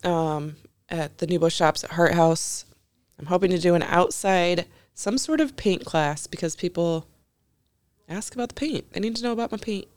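A woman, a guest on a podcast, chatting in a relaxed, wry way. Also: on the low side, moderate pace, clear, resonant tone, no room sound. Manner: relaxed, wry, laughs easily. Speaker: podcast guest, craft creator. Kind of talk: casual chat. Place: podcast studio.

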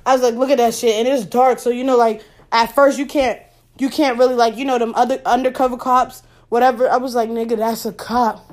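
A young adult woman telling a funny personal story in a casual storytime monologue. She is animated and profane, laughs as she goes, and acts out her own lines. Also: a little high, brisk.

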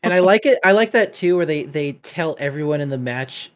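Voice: mid-range voice, animated, fairly quick. A co-host on a casual gaming podcast, speaking emphatically and laughing easily. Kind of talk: casual panel chat.

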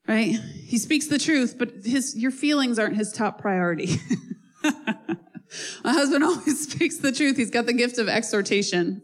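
A woman's voice: mid-range voice, poor audio. Woman preaching in a chatty sermon. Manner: conversational, animated preaching with asides and laughs.

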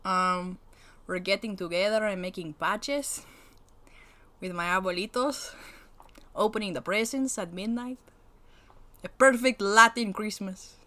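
A woman's voice: medium pitch, unhurried, pauses often, fairly bright tone. A woman co-hosting a casual podcast, teasing and blunt, swearing casually as she chats. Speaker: podcast co-host. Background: dog whining.

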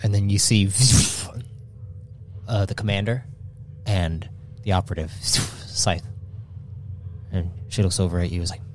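A man narrating a tabletop game as game master, halting with fillers. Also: deep voice, slight background noise.

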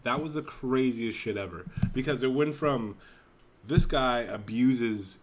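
Profane, animated young male podcast host. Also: mid-range voice, a little slow, slight background noise. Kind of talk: casual chat.

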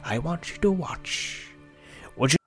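A man's voice: fairly high pitch, animated, unhurried, soft background music. A man doing a snarling, bitter son with a drifting Welsh accent. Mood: bitter fury. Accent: put-on Welsh accent that drifts to other accents. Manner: snarling, swearing, bitter taunting. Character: furious grown man raging at his absent father. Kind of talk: monologue impression of a film role.

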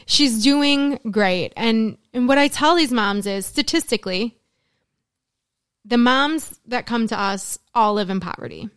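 A woman's voice: a little high, unhurried, fairly bright tone, smooth, dry recording, clean studio sound. A middle-aged woman in casual conversation, talking earnestly about the mothers she works with, often in long spoken lists. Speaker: guest, works with mothers in recovery.

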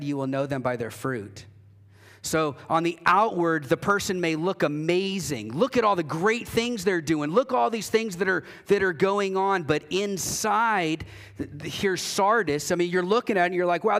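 A pastor preaching a sermon in a church, talking conversationally and emphatically, acting out quoted voices, with frequent restarts. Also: male voice, sits high, fairly bright tone. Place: church sanctuary.

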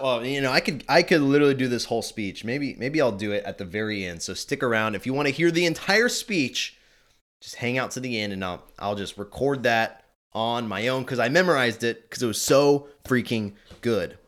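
A man in his twenties giving chatty movie commentary, animated and quick to laugh. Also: mid-range voice. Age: 20s. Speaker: video host.

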